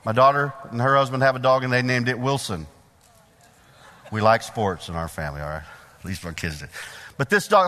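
A middle-aged male preacher giving a sermon in a church, folksy and animated, putting questions to the congregation. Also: medium pitch, fairly quick. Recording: long hall reverb.

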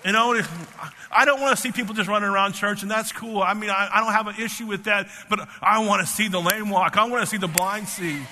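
Tearful, fervent high-voiced preacher man. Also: steady tone, a little fast, bright, forceful tone, big-room sound, a little hiss or hum. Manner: emphatic, repeats words, rising to fervent pitch. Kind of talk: sermon.

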